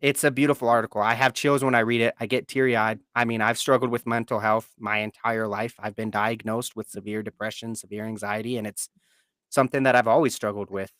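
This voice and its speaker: A man's voice: fairly low pitch, steady tone, a little fast, a bit bright, no room sound, studio quality. A man co-hosting a live podcast, earnest and heartfelt, often repeating words for emphasis. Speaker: podcast co-host. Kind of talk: casual live podcast talk.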